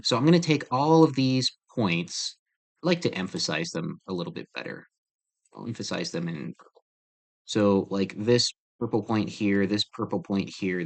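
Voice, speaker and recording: Chatty math teacher, lowish voice. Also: male voice. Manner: chatty, self-deprecating, thinks aloud with fillers. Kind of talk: casual screen-recorded math lesson.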